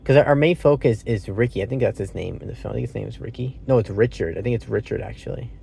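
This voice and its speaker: Gravelly man rambling through a film review. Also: mid-range voice, fast talker, warm tone. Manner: rambling, thinks aloud with many fillers and self-corrections; swears casually. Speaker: movie reviewer. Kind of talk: casual solo film review.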